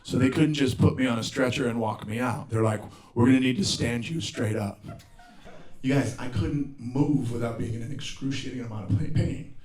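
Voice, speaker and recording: A man's voice: medium pitch, normal speed, a little mellow. A man in his forties doing a live stand-up comedy set, telling profane stories with acted-out voices and sudden yelps. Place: theater stage before a laughing audience. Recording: roomy live venue with crowd laughter. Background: audience laughter.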